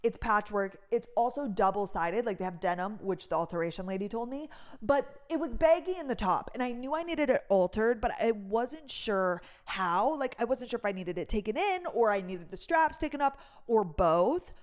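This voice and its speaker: A woman's voice: mid-range voice, lively intonation, normal speed. A young woman from North Dakota chatting casually in a rambling voice-memo style, filling her talk with "like". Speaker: vlogger.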